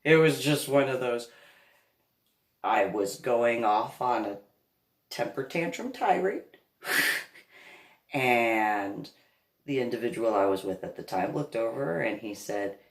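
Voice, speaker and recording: A woman's voice: rumbling low, expressive, takes it slowly, long pauses. A woman from New Jersey talking casually to her viewers, rambling through stories and often breaking into laughter. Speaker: vlogger, reverend. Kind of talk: casual monologue. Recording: roomy echo.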